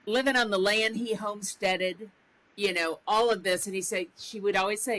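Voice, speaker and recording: A woman's voice: medium pitch, steady tone, normal speed, a bit bright, dry recording, low-quality recording. A woman in her sixties hosting a podcast interview, talking in a reflective way and thinking aloud as she goes. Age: 60s. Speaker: podcast host. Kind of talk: conversational interview.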